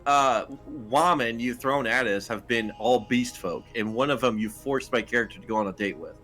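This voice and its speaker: A man chatting casually as a game player, animated and crude. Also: medium pitch, moderate pace, soft background music. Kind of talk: casual chat.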